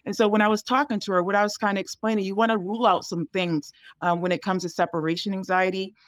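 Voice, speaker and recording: A woman's voice: mid-range voice, level tone, fast talker, no echo, studio quality. Chatty woman dog trainer, um-filled explanations. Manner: chatty and explanatory, many fillers like um and you know. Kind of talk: casual advice in a podcast conversation.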